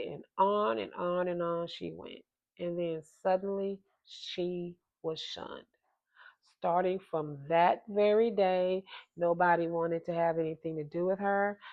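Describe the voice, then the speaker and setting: A woman at home telling a hard personal story in a halting, emotional way, with many restarts. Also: on the low side, steady tone, darkish tone. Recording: slightly dull lo-fi sound.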